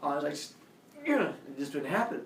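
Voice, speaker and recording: A man telling a childhood fight story in an animated way, laughing and acting out the voices. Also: a little high, fairly quick, slight background noise. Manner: animated, laughing, acts out quotes. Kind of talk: personal storytelling talk. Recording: roomy, distant camera audio.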